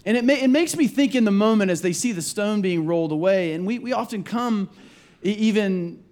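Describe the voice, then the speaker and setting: A man with a notably high voice preaches a relaxed, off-the-cuff Easter sermon to a church congregation. He talks the way people chat, stumbling over words and starting his sentences again. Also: a little fast. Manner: casual and rambling, with frequent restarts and repeated words. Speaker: pastor. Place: church sanctuary.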